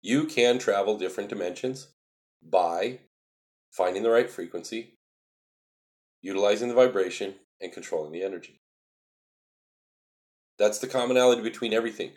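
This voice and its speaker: Livestream host, male, lowish voice, earnest and emphatic, repeats his points. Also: moderate pace, pauses often, a little mellow. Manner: earnest, repetitive, emphatic explaining. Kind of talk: casual livestream talk answering viewer chat.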